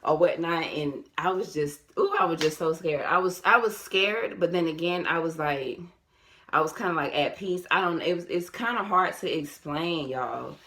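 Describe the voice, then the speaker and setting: A young woman, casually telling a personal story to her viewers, animated and repeating herself, calling them y'all. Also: deep voice, moderate pace. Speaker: vlogger.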